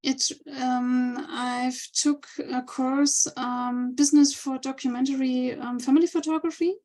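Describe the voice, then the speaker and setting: A woman's voice: high-pitched, fairly even intonation, measured pace, mellow. A woman taking part in an online workshop, answering hesitantly with many ums. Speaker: workshop participant. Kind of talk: video call conversation.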